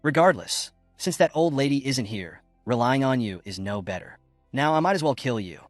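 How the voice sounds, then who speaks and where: A man's voice: medium pitch, expressive, normal speed, no room sound, faint music behind, lightly acted. Male narrator as a cowardly young thug, menacing but whiny. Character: cowardly bullying young man, threatening then whining.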